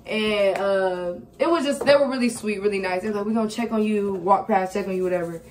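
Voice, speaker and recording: A woman telling a story in a casual, animated vlog chat at home. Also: medium pitch, brisk, a little hiss or hum. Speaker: vlogger. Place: home kitchen.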